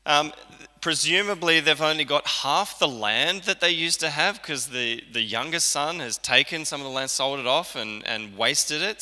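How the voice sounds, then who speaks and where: Bright-voiced man preaching in a hall. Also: on the high side. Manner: conversational preaching, acts out quoted lines. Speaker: pastor. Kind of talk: sermon. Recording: church hall reverb.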